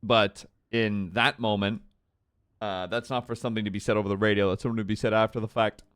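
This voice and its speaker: A man playing a calm, easygoing sheriff in a role-play game, talking casually with plenty of "you know". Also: on the low side, fast talker, clean tone, no room sound, clean studio sound, lightly acted. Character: laid-back male sheriff. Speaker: sheriff character.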